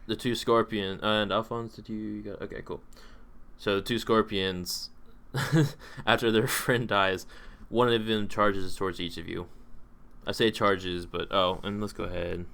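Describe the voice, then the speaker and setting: A man running a tabletop game as game master, easygoing and quick to laugh. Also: on the low side, fairly even intonation, vocal fry, a bit bright. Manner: easygoing, laughs often, stumbles when flustered.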